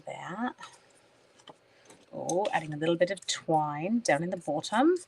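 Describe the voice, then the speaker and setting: A woman's voice: low-pitched, expressive, measured pace, gravelly, background noise. This is a middle-aged woman from Canada talking casually through a live crafting stream. She is chatty and pokes fun at herself. She keeps greeting and answering viewers by name while she works on a card. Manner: chatty, self-mocking, talks to viewers by name while working. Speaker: papercraft demonstrator live-streaming.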